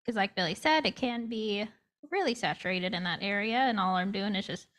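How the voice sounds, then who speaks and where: A woman calmly explaining each step of a screen-share demo on a video call. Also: medium pitch, fairly quick. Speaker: presenter's assistant.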